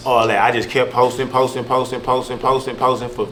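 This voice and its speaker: Young male comedian from Milwaukee, relaxed slangy storyteller, talks fast, noisy ambience behind. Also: medium pitch. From Milwaukee, Wisconsin. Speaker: comedian and social media creator. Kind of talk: casual interview chat.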